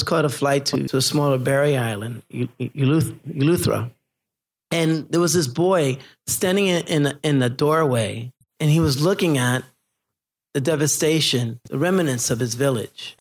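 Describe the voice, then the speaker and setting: Animated man telling photography stories. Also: on the high side. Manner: animated, acts out quoted voices, laughs often. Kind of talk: interview storytelling.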